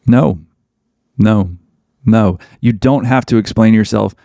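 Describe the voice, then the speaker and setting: A man holds forth as a podcast host, blunt and emphatic, driving each point home by saying it again. His voice sits at a middling pitch with a noticeably gravelly, fry-heavy texture. The recording is close and dry, with no room sound around him. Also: slow pace, dark tone, no echo. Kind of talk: opinionated podcast monologue.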